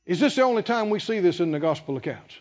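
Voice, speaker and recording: Preacher, male, very high voice, lively swings, big reverberant hall, dull recording. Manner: emphatic, rhetorical questions, drawn-out stresses. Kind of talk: sermon.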